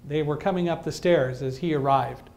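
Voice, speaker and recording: Man, slightly high voice, guest speaker, lively storytelling, dry humor. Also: normal speed. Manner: lively storyteller who acts out quoted lines, dry humor. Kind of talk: storytelling talk to an audience.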